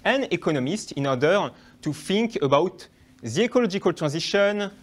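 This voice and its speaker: A man's voice: high-pitched, animated, moderate pace. A young man from France with a French accent, giving a hesitant academic talk with many fillers and restarts. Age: young adult. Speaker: guest lecturer.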